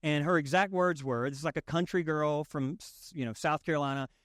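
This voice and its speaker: Southern guy preaching, kinda high voice, folksy and jokey, super dry close sound. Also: a little fast, a bit bright, dry recording. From Southern United States. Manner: folksy, joking, emphatic repetition. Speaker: pastor. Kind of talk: conversational sermon.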